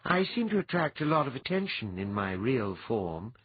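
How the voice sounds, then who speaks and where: Guy doing a husky high bossy lady, teasing and fond, audiobook voice, dry dull sound. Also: sing-song, normal speed, no room sound. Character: teasing, imperious woman, fond and sentimental.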